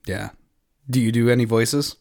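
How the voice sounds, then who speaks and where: A man's voice: medium pitch, normal speed, gravelly, a little mellow, no echo. A young man hosting a podcast, chatting casually and laid-back, with plenty of "uh" fillers. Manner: laid-back, many "uh" fillers, laughs easily. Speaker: podcast host.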